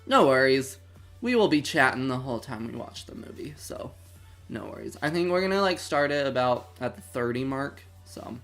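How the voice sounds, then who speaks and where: A streamer in their twenties hosts a movie watch-along, chatting casually and dramatically with playful mock outrage in a livestream. Their medium-pitched voice is animated and fairly bright with vocal fry, at normal speed, with faint music in the background.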